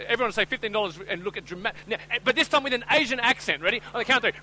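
A man's voice: high-pitched, lively intonation, racing, hardly any pauses, pushed and bright, rough recording. A man from Australia, telling a joking story to an audience and coaxing them to join in. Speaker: speaker. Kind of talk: humorous storytelling talk to an audience.

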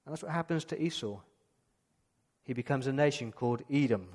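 A male pastor giving a lively storytelling sermon, acting out the scenes as he goes. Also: mid-range voice, brisk. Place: church. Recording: long church-hall reverb.

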